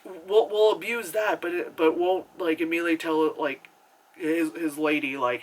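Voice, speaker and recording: A man's voice: a little high, normal speed, poor audio. A man giving a casual, rambling movie review, full of fillers, sarcasm and swearing.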